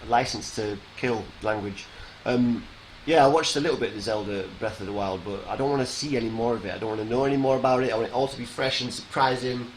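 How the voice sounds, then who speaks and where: A British man chatting as a guest on a casual live stream, laid-back and sweary, often trailing off quietly. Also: mid-range voice, fast, slight background noise, poor audio.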